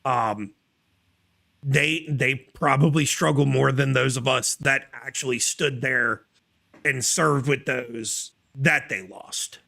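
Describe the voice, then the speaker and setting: Somber male co-host, bright tone, slow and hesitant delivery. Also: mid-range voice, fairly even intonation, vocal fry. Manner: halting, with many pauses and restarts. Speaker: podcast co-host. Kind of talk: somber podcast reflection.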